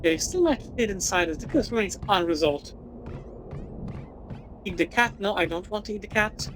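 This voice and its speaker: A woman's voice: medium pitch, moderate pace, noisy background. A woman playing a video game, reading its text aloud and adding dry remarks. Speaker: gaming channel host.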